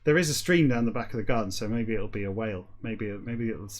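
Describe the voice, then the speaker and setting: Deadpan man reading aloud. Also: on the low side. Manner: slow deadpan reading, quick chatty asides. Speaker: podcast host. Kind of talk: comic reading of a novel backwards, then rambling aside.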